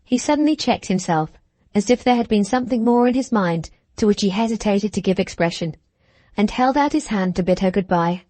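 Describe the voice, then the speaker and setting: In a measured, even manner, a medium-pitched woman tells the story of a classic novel for an audiobook. The sound carries no echo.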